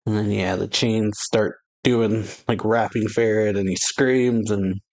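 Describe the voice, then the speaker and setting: A man's voice: fairly low pitch, fairly even intonation, a little slow, a little mellow. A man hosting an anime reaction channel, casually retelling a manga chapter in a rambling, chuckling way full of fillers.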